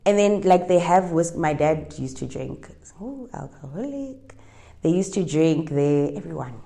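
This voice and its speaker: A woman's voice: deep voice, normal speed, creaky, darkish tone. A young woman with a South African accent telling a personal story in a chatty, winding way, dropping Setswana phrases into her English. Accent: South African, Setswana-speaking. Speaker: interviewee.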